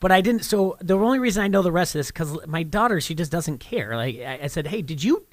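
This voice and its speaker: A man co-hosting a casual sports radio show, telling an animated family story and laughing often. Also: high-pitched, fast talker, dry recording.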